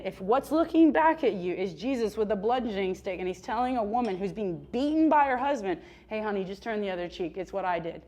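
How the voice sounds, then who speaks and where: A woman preaching a conversational sermon, chatty and animated, with lots of fillers and asides to the congregation. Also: medium pitch.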